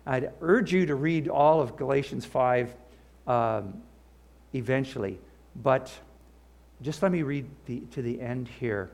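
An older man preaching a sermon, animated, with asides and the odd laugh, and a gravelly voice. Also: medium pitch, a little slow. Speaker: pastor.

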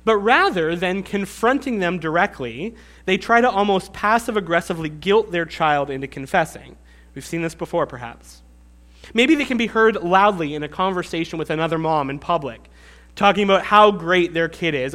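A man's voice: high-pitched, animated, normal speed, a bit bright. A man pastor giving a conversational, teaching-style sermon.

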